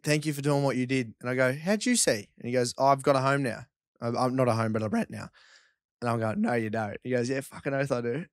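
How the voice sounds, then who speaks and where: A man's voice: mid-range voice, no echo, studio quality. A young Australian man in his twenties, a podcast guest telling an earnest, heartfelt story in a casual way. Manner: earnest, affectionate storytelling with "mate". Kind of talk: casual chat.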